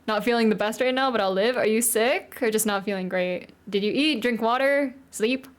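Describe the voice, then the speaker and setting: A woman's voice: a little high, moderate pace, few pauses. Chatty young woman streamer. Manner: chatty, giggly asides to chat. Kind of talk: casual live-stream chat.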